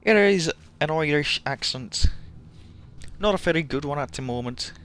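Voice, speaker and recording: A man's voice: a little high, expressive, normal speed, fairly bright tone, clear, resonant tone. Chatty, laughing male game streamer. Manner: rambling, chatty, laughs often. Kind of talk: casual live game stream commentary.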